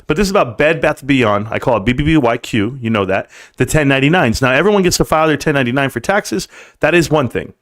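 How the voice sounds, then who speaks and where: A man hosting a casual live stream at a quick clip, hyped up and a little boastful. He talks straight to his chat viewers from his computer, and his pitch sits right in the middle for a man. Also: expressive.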